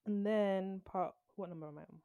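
A woman guest on a casual podcast who reads out a ranked list in a loud, giggly way. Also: mid-range voice, steady tone, moderate pace, smooth, no room sound. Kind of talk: casual chat.

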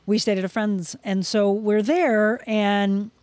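A woman's voice: mid-range voice, slow, no room sound. A middle-aged woman, a podcast guest, telling a personal story in casual chat and acting out the quoted dialogue. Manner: lively, acts out quoted dialogue.

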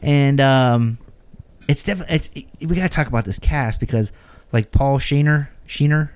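A man's voice: mid-range voice, normal speed, darkish tone, smooth. Rambling man retelling a movie. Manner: rambling, laughing, acts out scenes. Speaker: podcast co-host recapping a movie. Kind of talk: casual chat.

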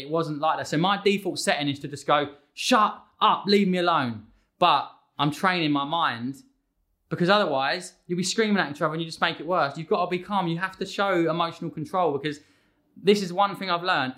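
A man, chatting casually as a guest and acting out his children's voices. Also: on the high side. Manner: animated, acts out his kids' voices. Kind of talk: casual conversation.

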